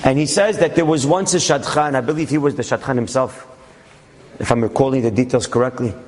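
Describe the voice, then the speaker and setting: A man, a rabbi, telling an inspirational story in an animated, dramatic way. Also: mid-range voice, brisk, a little hiss or hum. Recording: long hall reverb.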